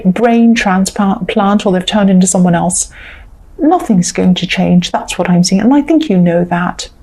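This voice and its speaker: A woman's voice: mid-range voice, mellow, low-quality recording. A woman giving a casual tarot reading, chatty and rambling, sometimes acting out imagined lines of dialogue. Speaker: tarot reader.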